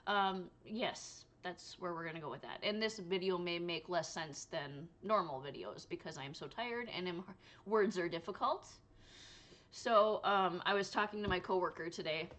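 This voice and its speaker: Woman vlogger, exhausted and giggly, loose rambling chat, crisp bright tone. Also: lowish voice. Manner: tired, rambling, laughs often. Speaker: crochet vlogger. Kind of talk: casual chat to camera. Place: home room.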